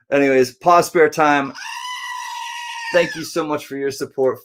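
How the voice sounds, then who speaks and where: At a moderate pace, a male livestream host rambles warmly through individual greetings to his viewers. Every so often he slips into goofy high-pitched voices.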